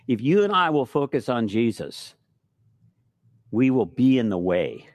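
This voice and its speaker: A middle-aged man preaching a sermon, telling stories with emphatic repetition and shifting between hushed and forceful delivery. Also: mid-range voice, a little slow, long pauses, no echo. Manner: storytelling preacher, emphatic repetitions, animated swings from soft to loud. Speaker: pastor.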